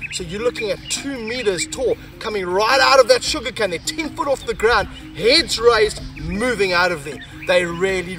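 A man presenting a wildlife vlog while handling snakes, out of breath and excited. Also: sits high. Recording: music bed under the voice.

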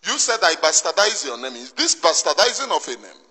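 A man's voice: on the high side, sing-song, brisk, pushed and bright, husky. A man with a Nigerian Igbo accent in an impassioned monologue, scolding emphatically and repeating himself. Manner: emphatic, repetitive, preachy scolding. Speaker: activist commentator. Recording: long reverb.

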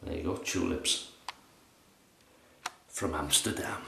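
A man casually narrating his shave in a relaxed, chatty, self-mocking way, recorded in his bathroom. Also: low-pitched, takes it slowly, vocal fry, background noise. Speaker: shaving vlogger. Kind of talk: casual narration while shaving. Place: bathroom at home. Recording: echoey bathroom.

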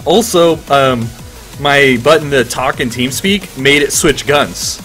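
A man's voice: mid-range voice, takes it slowly, a bit bright, faint music behind. A man streaming a game while drunk, chatting loosely with a friend, laughing and swearing casually.

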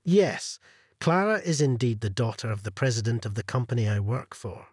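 A man's voice: medium pitch, very animated, a little fast, darkish tone, husky, no room sound, studio quality. A man voicing an earnest young husband.

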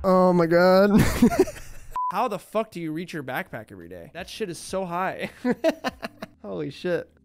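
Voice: mid-range voice, very animated, moderate pace, noisy background. A streamer chatting casually on stream, laughing often and swearing playfully. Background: faint lo-fi music.

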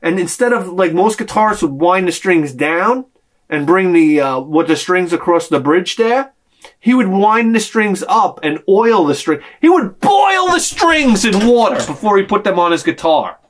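Brief: male vlog host, slightly high voice, swears a lot, rambles with feeling. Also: sing-song, moderate pace. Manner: profane, rambling, emotional. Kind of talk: casual ranting monologue.

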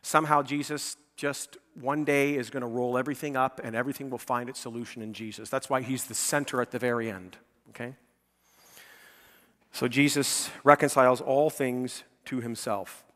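A pastor delivers a sermon in an easy, conversational way, checking in with his listeners and then climbing into emphatic, pleading stretches. His voice sits at a middling pitch for a man. The sound carries the long reverb of a church sanctuary. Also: fairly even intonation, moderate pace, a bit bright. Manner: conversational preaching, frequent "okay?" and "right?" checks with the congregation; rises to emphatic, pleading peaks.

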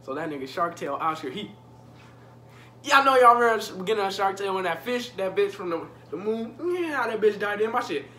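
A man's voice: high-pitched, animated, a little fast, bright, forceful tone, slight background noise. A young man telling a profane, slangy story in a casual vlog and joking directly with his viewers. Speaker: storytime vlogger.

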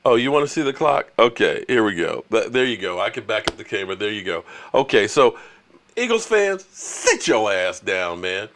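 A man's voice: lowish voice, big pitch swings, normal speed, a bit bright. A man hosting a casual sports livestream, chatting with viewers and ranting at rival fans. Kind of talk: casual live-stream chat with viewers.

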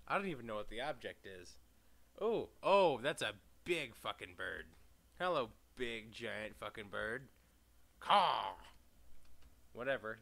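A young man giving casual, profane gameplay commentary, reading game text aloud with sarcastic asides and sudden loud outbursts. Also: lowish voice. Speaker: let's play gamer.

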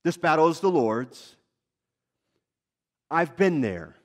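A man preaching who voices an earnest young male warrior leader, speaking slowly and pleadingly in a raised voice. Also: extremely high pitch, voice pushed up. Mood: reassuring.

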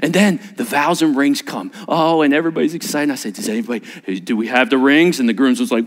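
A man preaching a sermon as a pastor, telling stories with animated delivery and acting out little voices. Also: medium pitch, fast talker, few pauses. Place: church sanctuary.

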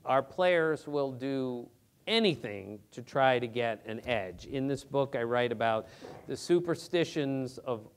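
A middle-aged man, a sports reporter, telling lively anecdotes to a theater audience in quick, emphatic bursts. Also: mid-range voice, smooth. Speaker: sports reporter giving a talk. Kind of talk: anecdotal storytelling presentation. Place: theater auditorium.

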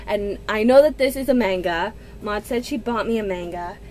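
A woman in her twenties, gushing and excitable in a casual unboxing vlog at home, with gasps and squeals. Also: medium pitch, normal speed, a little hiss or hum. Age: 20s. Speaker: book vlogger.

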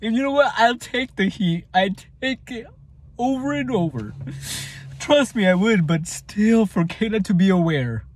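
A man with a high voice speaks in a raw personal account. He is emotional, circles back over his own words and swears freely. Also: expressive, measured pace. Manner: emotional, repeats himself, swears. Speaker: vlogger telling his own story.

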